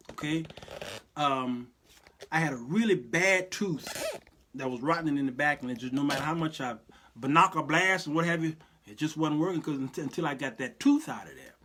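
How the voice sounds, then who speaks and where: A man hosts his show in a loose, preacherly monologue. His voice sits a little high, and his delivery is folksy, full of asides and easy laughter. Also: fairly bright tone, slight background noise. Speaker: show host. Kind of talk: casual live-show monologue.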